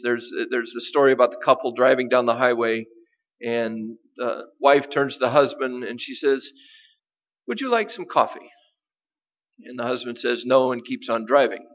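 Male pastor, measured emphatic delivery, mid-pitched, slightly muffled lo-fi capture. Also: a bit bright. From United States. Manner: deliberate, emphatic preaching with dramatic pauses. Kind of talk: sermon.

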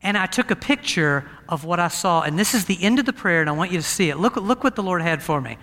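A male pastor with a high, bright voice preaches in a relaxed, storytelling way, chatting with his congregation. His voice rings out with a long hall reverb around it. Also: fast. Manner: storytelling, conversational and animated. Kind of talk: sermon. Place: church sanctuary with a balcony.

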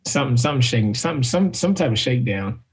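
Male podcast co-host, husky and relaxed, mid pitch, stammers through his points. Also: rapid-fire, soft background music. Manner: stammering restarts, laid-back. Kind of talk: casual podcast chat.

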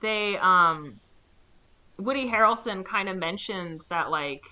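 A woman's voice: medium pitch, slow, pushed and bright, lo-fi sound. A young woman casually recapping a movie plot, rambling with lots of "like" and acting out the characters' lines.

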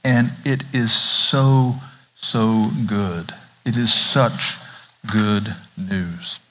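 A man's voice: fairly low pitch, drawn-out words, fairly bright tone. Southern American man preaching a sermon. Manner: conversational, asks the congregation questions. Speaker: pastor.

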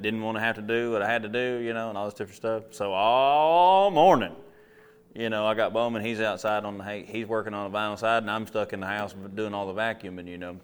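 A man with a lowish, resonant voice and clear sound preaches a casual sermon to a live audience. His style is conversational storytelling: he poses rhetorical questions and acts out his own inner dialogue.

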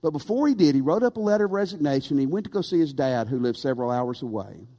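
A man preaching a sermon, animated and rhetorical, asking the congregation for amens. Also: a little high, quick pace. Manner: animated, rhetorical, calls for amen. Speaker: pastor. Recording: long reverb of a church hall.

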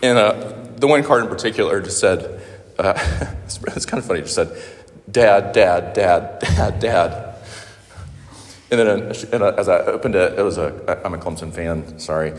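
A man preaching a sermon, earnest and emotional, halting with fillers. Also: deep voice. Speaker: pastor. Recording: echoey hall with long reverb.

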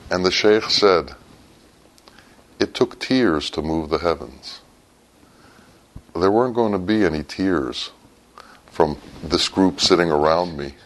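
Very deep-voiced man telling a sermon story. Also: poor audio. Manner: swings from low and quiet to sudden loud, high bursts.

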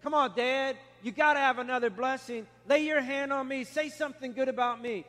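Guy doing a desperate son begging his dad, kinda high voice, lots of hall echo. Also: fairly quick, a bit bright. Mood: pleading. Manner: begging, urgent. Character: pleading grown son, desperate and hurt. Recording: long hall reverb.

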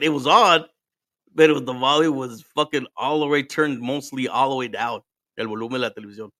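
A podcast host with a bright, forceful, mid-range voice tells a story in casual chat, laughing, swearing, and switching between English and Spanish while drinking. The studio-quality recording has no room sound.

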